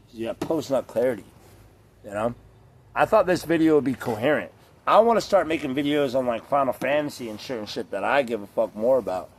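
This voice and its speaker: A young man vents in a loose, profane vlog rant, blunt and rambling. His voice sits at an ordinary middle pitch, and he slips into mocking voices of other people. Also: breathy edge. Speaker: vlogger. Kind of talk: ranting monologue to camera.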